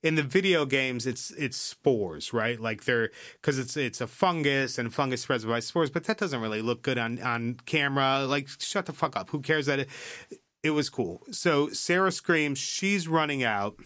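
A man's voice: mid-range voice, normal speed, bright, forceful tone, no room sound. A man with a mid-range voice talks loosely through a recap as a podcast host, dropping curses and checking in with "right?". The sound is dry and close, with no room around it. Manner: loose storytelling with tag questions and cursing; skips ahead with "yada, yada". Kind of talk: casual chat, episode recap.

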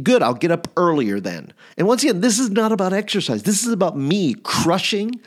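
A man's voice: fairly high pitch, animated, a little fast, hardly any pauses. A man in his forties giving a casual teaching talk on youth ministry, rambling with fillers and restarts as he tells a story. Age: 40s.

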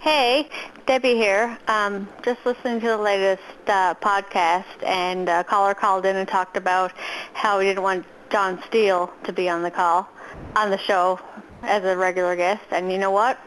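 A woman's voice: mid-range voice, steady tone, moderate pace, a bit bright, slight background noise, low-quality recording. A woman calling into a podcast on the phone, leaving a chatty, giggly voicemail. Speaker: caller.

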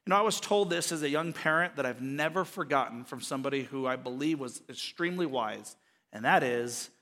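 A man's voice: medium pitch, animated, a little fast, pushed and bright, big-room sound. A middle-aged man preaching a sermon as pastor, telling family stories with jokes and acting out quoted voices. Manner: storytelling, jokey, acts out quoted voices.

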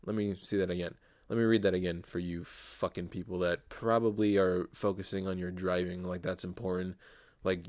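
A man hosting his own podcast alone, ranting casually and swearing freely, quick to flare up. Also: deep voice, no echo, studio quality. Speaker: podcast host.

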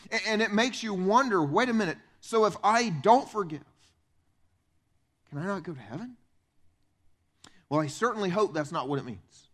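Animated higher-voiced male pastor preaching. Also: moderate pace, pauses often. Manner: animated, acts out quoted voices with big pitch swings. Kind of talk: sermon. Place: church.

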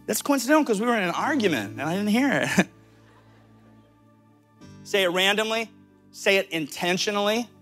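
A man with a Southern US accent preaching a sermon, talking directly to his listeners with quick asides. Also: high voice, animated, a bit bright, faint music behind. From American South. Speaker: pastor.

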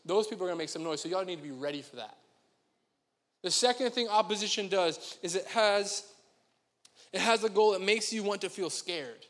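A man with a high voice preaches in a church hall, and his words ring out with a long reverb. He keeps it conversational and joking and speaks straight to the congregation. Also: brisk, a bit bright. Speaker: pastor. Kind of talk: sermon. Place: church sanctuary.

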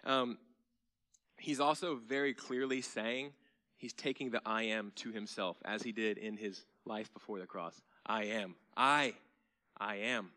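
Guy pastor giving a sermon, bright voice, chatty then punchy, goes quiet for the tender bits. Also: fairly low pitch, fairly even intonation, a little slow. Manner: conversational preaching, rising to emphatic then dropping soft. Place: church.

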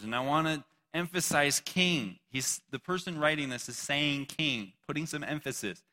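Man, casual preacher, bright voice, slow dramatic scripture reading, long hall reverb. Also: on the high side. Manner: conversational, reads scripture slowly and dramatically, frequent laughs and "right?".

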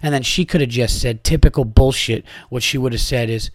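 This is a middle-aged man ranting on his own podcast, crude and heated, tripping over his own restarts as he goes. His voice sits in an ordinary middle pitch. The sound is close and dry, with no room around it. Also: fairly quick, hardly any pauses, no echo. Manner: angry, crude, rambling with restarts. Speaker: podcast host. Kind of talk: profane rant to listeners.

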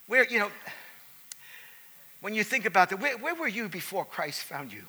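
A man preaching a sermon, telling a story and building to loud, fervent preaching. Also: sits high, sing-song, normal speed, breathy edge.

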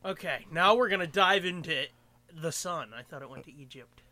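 Young male co-host, high and bright voice, animated and profane, casual movie commentary. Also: normal speed, no echo. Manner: excitable, swearing, bursts into silly exaggerated voices. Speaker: podcast co-host.

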